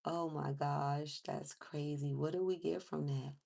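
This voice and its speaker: A woman vlogger in casual chat, animated and exclaiming, laughing often as she talks. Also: low-pitched, measured pace, gravelly. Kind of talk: casual chat with read-aloud lyrics.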